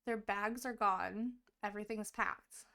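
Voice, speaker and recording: A woman co-hosting a podcast, retelling a book's plot in casual chat, animated and full of swearing. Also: mid-range voice, unhurried, vocal fry. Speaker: podcast co-host.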